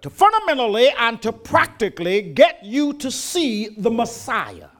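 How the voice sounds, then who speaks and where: A man's voice: very high voice, sing-song, a little slow, a bit bright. An older man, preaching a sermon in a folksy manner that rises to emphatic declarations.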